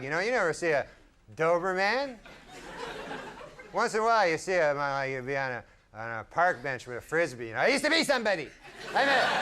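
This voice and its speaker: A man doing a stand-up comedy set, talking in a drawling, deadpan way with rambling asides. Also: fairly high pitch. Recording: live club set with loud crowd and noise. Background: audience laughter.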